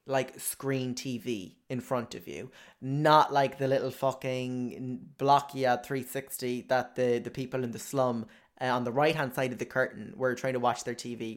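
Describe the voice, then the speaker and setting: Young man, stand-up comedy story, profane, exaggerating, mid pitch. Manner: brash, profane, exaggerating, chatty asides.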